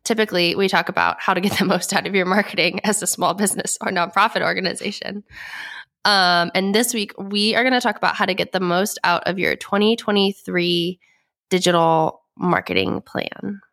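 A woman co-hosting a marketing podcast, her voice raspy and gravelly from weeks of illness, explaining in a relaxed way with many fillers. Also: medium pitch, a little fast. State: sick with a cough. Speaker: podcast co-host. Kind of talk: casual podcast chat.

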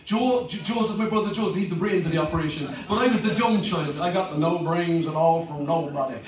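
A man's voice: fairly high pitch, fast, heavy reverb, recorded from a distance, low-quality recording. An Irish man in his fifties, a pastor preaching a humorous, storytelling sermon. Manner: animated, humorous, conversational.

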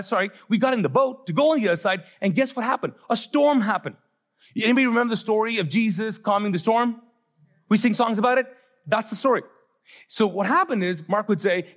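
High-voiced pastor, lively storytelling sermon. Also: male voice. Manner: animated storytelling, acts out quotes with shifting pitch; conversational, with frequent asides to the congregation.

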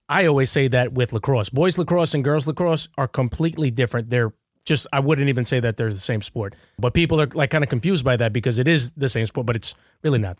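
A man hosting a podcast, a multi-sport official, asking relaxed conversational questions. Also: medium pitch, no room sound, studio quality. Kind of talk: casual interview questions.

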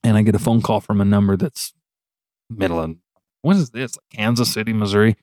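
A man's voice: on the low side, fairly quick, dry recording, studio quality. A man telling a long story in casual chat on a podcast, laughing often and acting out what people said. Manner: animated, laughs often, acts out quotes.

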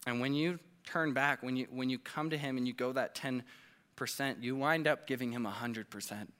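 A man's voice: medium pitch, moderate pace, fairly bright tone. A man preaching a conversational sermon, earnest and casual, often tagging his points with "like" and "right?".

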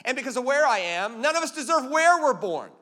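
High, bright-voiced man preaching in a hall. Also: big pitch swings, fairly quick. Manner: storytelling, emphatic, punchy with jokes. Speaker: pastor. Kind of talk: sermon.

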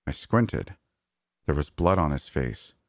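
A man with a very deep voice narrates a scripted first-person horror story. His telling is measured and steady. The recording is dry, with no room sound. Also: no room sound.

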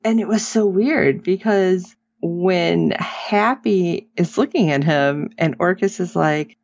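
A woman with a fairly low, fry-tinged voice talks slowly yet barely pauses while recapping a TV episode on a casual podcast she co-hosts. She acts out quotes, laughs often and keeps the retelling animated. The sound is dull and lo-fi, with no echo.

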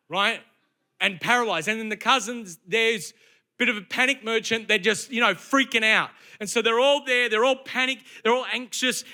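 A middle-aged man delivers a sermon from a church stage in a high, very bright and forceful voice. He preaches in a lively storytelling style and keeps asking the congregation rhetorical questions. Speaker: pastor.

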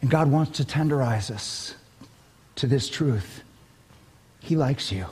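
An older pastor preaches a sermon in a mid-range voice with a slow pace and breathy edge. His storytelling is animated and marked by emphatic bursts, captured with long hall reverb.

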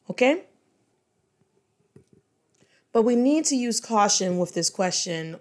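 A woman giving a casual, playful language lesson, explaining phrases with lively jumps in her voice for emphasis. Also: medium pitch, normal speed. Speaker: Spanish teacher.

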